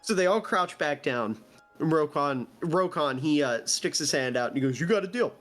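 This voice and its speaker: A man's voice: fairly high pitch, lively intonation, moderate pace, fairly bright tone, faint music behind. A young man narrating a tabletop game as game master, playful and lightly voicing the characters. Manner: playful storytelling, voices orc characters lightly.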